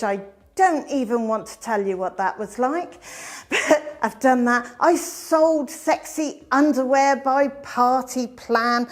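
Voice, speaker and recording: Her voice sits high as this middle-aged woman animatedly presents the story of her own life, alternating bright emphasis with hushed asides.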